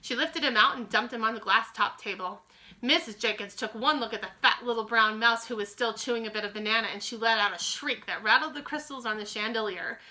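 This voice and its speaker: Teacher lady reading a kids book out loud, super bright voice, friendly storyteller. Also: fairly high pitch, brisk. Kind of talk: reading a children's book aloud.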